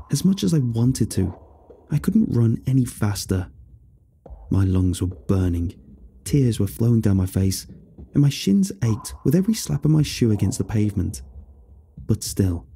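A man narrating a first-person horror story in a steady storytelling manner. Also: fairly low pitch, normal speed, gravelly, pauses often, slight background noise.

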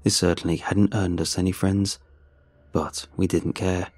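A man narrating a first-person horror story in a measured, tense storytelling manner. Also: deep voice, little pitch movement, a little mellow, dry recording.

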